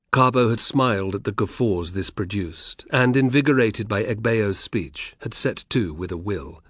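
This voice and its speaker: Male narrator, lowish husky voice, lively intonation, close dry studio sound. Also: moderate pace, few pauses, no room sound. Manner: expressive storytelling. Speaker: audiobook narrator. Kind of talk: scripted narration.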